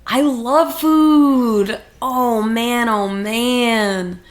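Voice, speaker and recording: A young woman from California co-hosting a podcast, chatting casually with an animated, expressive manner and frequent swearing. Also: a little high, drawn-out words, echoey room. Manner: animated, swearing, laughing often. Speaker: podcast co-host. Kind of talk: casual chat.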